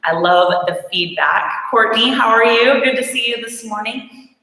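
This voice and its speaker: A woman leading a live-streamed workout class, chatty and encouraging with frequent ums, her voice still a little rough from the morning. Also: a little high, unhurried, sharp tone. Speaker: fitness instructor. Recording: very echoey room with long reverb.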